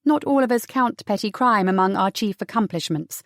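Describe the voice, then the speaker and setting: A woman voicing a wary young woman with a tart, sharp-tongued manner. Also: mid-range voice, moderate pace, dry recording, studio quality, lightly acted.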